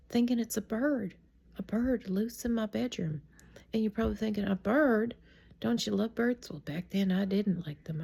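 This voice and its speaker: A middle-aged woman telling a true story in a chatty, rambling way, often dropping into a hushed whisper. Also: on the low side, creaky, husky. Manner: chatty and digressive. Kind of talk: casual spoken storytime.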